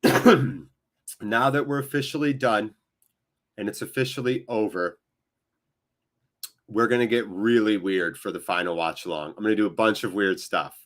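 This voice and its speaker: An American man hosting a live football watchalong, chatting in a rambling, casual way straight to his viewers, sounding emotionally drained. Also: medium pitch. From United States. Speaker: watchalong host.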